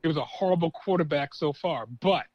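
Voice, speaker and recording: A man's voice: on the high side, fairly quick, no room sound, dull audio. A man co-hosting a podcast, mostly agreeing and adding short points in casual sports chat. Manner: agreeable, chiming in with short replies. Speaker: podcast co-host.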